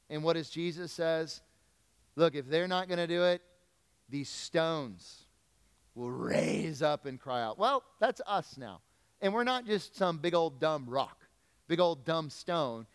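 A man's voice: a little high, fairly bright tone, smooth, big-room sound. A man preaching a conversational sermon, talking directly to the congregation and asking them questions. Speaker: pastor. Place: church sanctuary.

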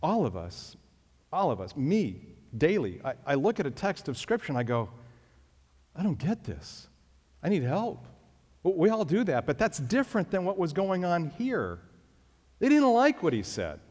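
A man preaching a sermon as pastor, emphatic and leaping up in pitch on key phrases. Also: huge pitch swings, moderate pace, a little mellow. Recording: long reverb of a hall.

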